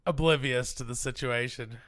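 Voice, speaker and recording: A man co-hosting a podcast, calmly retelling film scenes in a relaxed, dry manner. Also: medium pitch, normal speed. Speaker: podcast co-host. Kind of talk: casual film-review chat.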